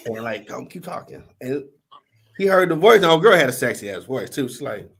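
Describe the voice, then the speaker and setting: Speaking fairly quickly in a husky, high-leaning voice, a middle-aged podcast host recounts a story in casual slang. He gets animated and performs the voices of the people he quotes.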